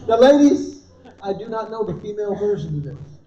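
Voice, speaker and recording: Middle-aged male stand-up comic, very high voice, lively story delivery, recorded from afar with a dull tone. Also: a little fast. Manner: animated storytelling, acting out quoted voices. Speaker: comedian. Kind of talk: live stand-up comedy. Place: dinner event in a large room. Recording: roomy, distant, dull live room sound.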